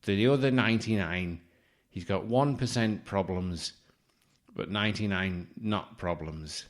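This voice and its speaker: A man's voice: sits low, measured pace. A man playing a bumbling male TV psychic, speaking in a mocking, hesitant, rambling way. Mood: mock-mystical.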